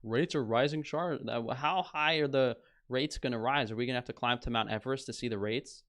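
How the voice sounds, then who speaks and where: A man's voice: mid-range voice, fairly quick, fairly bright tone. A young man streaming, ranting with scorn and heavy swearing as he reads headlines aloud. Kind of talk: casual ranting commentary.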